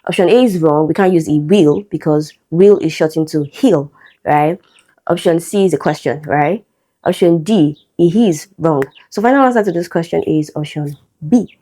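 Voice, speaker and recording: A woman's voice: sits low, moderate pace, mellow. A woman teaching an exam-prep English lesson, explaining step by step and checking in with a frequent "okay?". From Nigeria.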